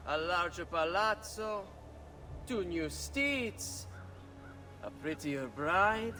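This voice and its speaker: A sneering young noble villain. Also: male voice, sits high, expressive, extremely slow, sharp tone, slight background noise, full character voice. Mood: mocking. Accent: put-on Italian. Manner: sneering, taunting.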